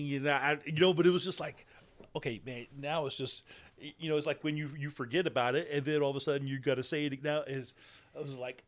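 A man's voice: on the high side, fairly even intonation, fast talker. A man co-hosting a casual movie podcast, rambling and profane, laughing often as he talks. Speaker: podcast co-host.

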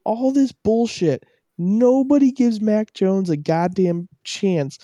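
A man's voice: high-pitched, takes it slowly, mellow, no room sound. A man co-hosting a casual sports chat, ranting animatedly and swearing freely. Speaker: podcast co-host.

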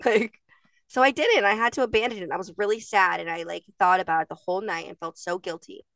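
A woman's voice: mid-range voice, quick pace, a bit bright, dry recording, far from the mic. A woman in her thirties, co-hosting a podcast and telling stories in a chatty, emotional way, laughing often. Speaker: podcast co-host. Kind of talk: casual chat.

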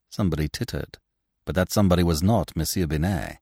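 Deep-voiced male audiobook narrator. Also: fairly quick, no room sound, clean studio sound. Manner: expressive, theatrical.

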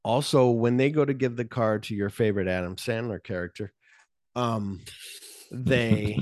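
A man's voice: mid-range voice, normal speed, darkish tone, dry recording, studio quality. A man hosting a casual podcast chat, recapping a film plot and swearing freely as he jumps into quoted lines. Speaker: podcast host.

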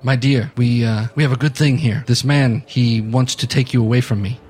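A man voicing a scheming male fight manager of about thirty, smooth and evasive in a tabletop game. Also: medium pitch, steady tone, normal speed, darkish tone, natural voice. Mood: wheedling.

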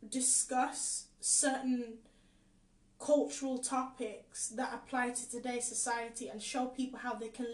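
A woman talks earnestly about faith, her voice fairly high and her delivery impassioned. She repeats points for emphasis. She sits back from the mic in a room with a strong echo. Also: recorded from a distance. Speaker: podcast host. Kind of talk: passionate faith talk. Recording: echoey room, away from mic.

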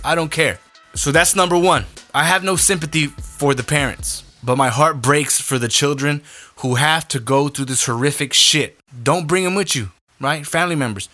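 A man's voice: fairly high pitch, sharp tone. A young adult man hosting a podcast, ranting his opinions bluntly with heavy profanity. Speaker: podcast host.

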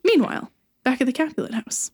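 Woman, casual chat, laughing, irreverent, slightly high voice. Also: animated, quick pace, a little mellow, husky. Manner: chatty, laughing, paraphrases lines irreverently. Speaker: podcast co-host retelling a play.

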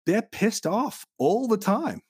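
A man's voice: high-pitched, big pitch swings, slow, husky, no echo, clean studio sound. A man hosting a podcast, telling vivid anecdotes in casual chat with some swearing. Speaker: podcast host.

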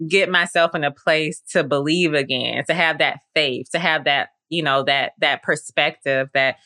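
A woman hosts a faith podcast in an earnest, conversational manner, sprinkling her talk with fillers. Her voice sits low and sounds forceful. The recording is dry and close. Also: normal speed, no echo. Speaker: podcast host.

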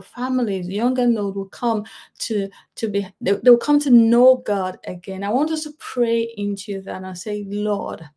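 Earnest woman leading prayer. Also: medium pitch. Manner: earnest, rising on key words then dropping soft. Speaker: prayer leader. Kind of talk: prayer and sermon.

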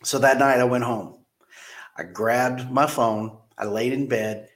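A man, a car dealership manager, telling stories in a casual interview, rambling and repeating words as he lively retells events. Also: medium pitch, measured pace. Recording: roomy echo.

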